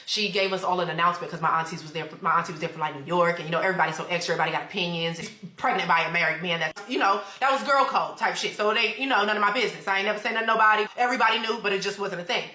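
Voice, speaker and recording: A woman's voice: on the low side, racing, few pauses, sharp tone, echoey room. A young woman telling a rambling personal story in a casual storytime chat at home, full of fillers. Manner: rambling, chatty, with many fillers. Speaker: vlogger.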